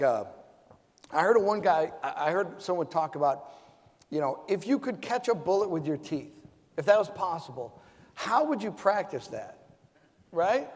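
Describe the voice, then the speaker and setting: A man in his forties, a decorated veteran on a forum panel, giving a fired-up speech full of rhetorical questions. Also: high voice. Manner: fiery, rhetorical questions, loud bursts. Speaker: Medal of Honor recipient panelist. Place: large event hall. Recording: hall reverb.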